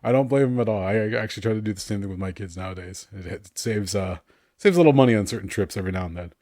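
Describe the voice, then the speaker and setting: A man with a fairly low voice talks casually on a podcast, telling lively stories and often laughing. The sound is dry and close, with no room echo. He is in his thirties. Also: very fast. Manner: animated storytelling, laughs often. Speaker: podcast co-host.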